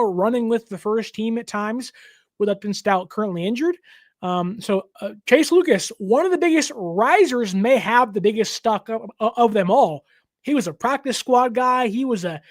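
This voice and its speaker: A young man hosting a casual sports talk show, given to animated joking rants. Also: high voice, no room sound, studio quality. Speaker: show host.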